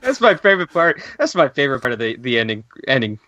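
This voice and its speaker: A man's voice: mid-range voice, big pitch swings, fast, pushed and bright, no echo. Emphatic, laughing podcast co-host man. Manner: laughs often, emphatic, swears when worked up. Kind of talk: casual podcast chat.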